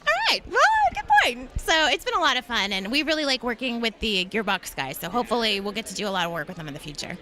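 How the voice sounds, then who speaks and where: A woman's voice: mid-range voice, lively intonation, fast talker, few pauses, bright, forceful tone. A woman in her thirties, a voice actress talking enthusiastically in a convention interview. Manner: bubbly and enthusiastic. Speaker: voice actress and guest.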